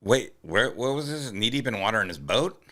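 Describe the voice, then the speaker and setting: Man, low voice, bright edge, deadpan, casual comedy podcast chat. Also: a little fast. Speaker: podcast co-host.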